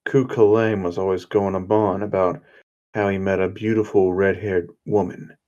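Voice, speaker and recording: A man's voice: deep voice, flat delivery, normal speed, a little mellow, dull audio. A man narrating an improvised fan story in a loose, casual way, swearing now and then.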